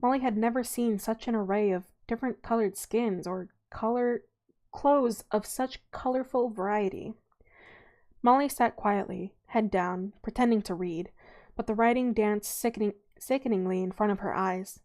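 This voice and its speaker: A woman's voice: medium pitch, moderate pace, a little mellow. Young woman reading a novel aloud, casual, stumbles and corrects herself often. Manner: informal reading with frequent stumbles and self-corrections.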